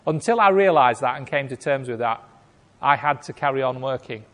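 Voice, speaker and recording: A man preaching a sermon, telling a story with acted-out voices and big swings between loud and hushed. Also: mid-range voice, expressive, brisk. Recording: long hall reverb.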